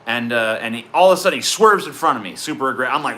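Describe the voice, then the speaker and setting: Sweary sarcastic man with a bright voice. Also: mid-range voice, lively intonation, fast. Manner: profane, sarcastic, rambling. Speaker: streamer answering chat. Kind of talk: casual livestream chat.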